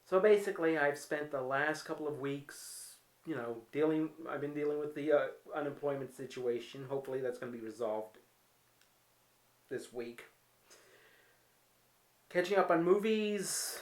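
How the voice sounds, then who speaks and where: A man's voice: fairly high pitch, a little slow, long pauses. A man vlogging casually from his apartment, telling stories with wry, candid, self-mocking humor. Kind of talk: casual home vlog storytelling. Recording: roomy echoey room.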